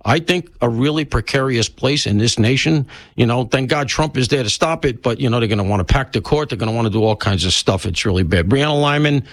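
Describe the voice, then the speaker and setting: A man's voice: medium pitch, a bit bright, dry recording. An older man filling in as a talk-radio host, chatting in a rambling, self-mocking way and sounding stuffy from allergies. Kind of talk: casual talk radio monologue.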